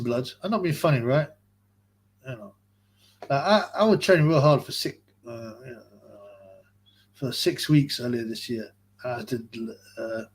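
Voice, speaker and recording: A young man hosts a casual live stream at a middle pitch. He rambles through viewer messages, chatty and loose, breaking into laughs and trailing off with fillers. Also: husky. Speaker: livestream host reading chat.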